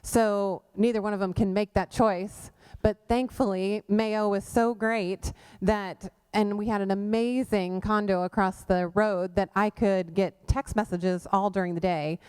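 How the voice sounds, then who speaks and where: A middle-aged woman speaks at a church women's gathering and tells her own story of faith through hard times. Her voice is smooth and resonant, pitched in the middle, and she brings the story to life by acting out what people said. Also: a little mellow. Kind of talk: personal testimony talk. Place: church event space.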